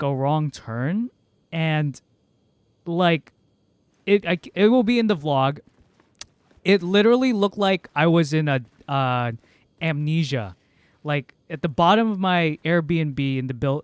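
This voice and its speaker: A man's voice: fairly high pitch, clear, resonant tone, dry recording. A young American man rambling chattily through a casual livestream, laughing often. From United States. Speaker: streamer.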